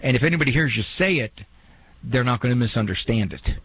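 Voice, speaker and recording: A man hosting a call-in radio advice show, talking to a caller in a gentle, pastoral way with many restarts. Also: mid-range voice, animated, quick pace, slight background noise, low-quality recording.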